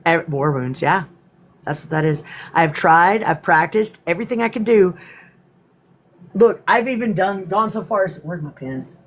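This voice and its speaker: A woman hosting a casual livestream, greeting commenters by name and swearing freely, her voice slightly hoarse. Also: on the low side, moderate pace. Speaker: livestream host. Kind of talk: casual livestream chat and reading her own poems.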